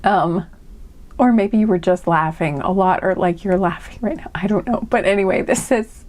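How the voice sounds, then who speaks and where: Chatty and giggly, a young tarot reader works through a casual card reading, dropping plenty of "um" and "like" and dissolving into laughing fits. Her medium-pitched voice is a little mellow and moves at a moderate pace.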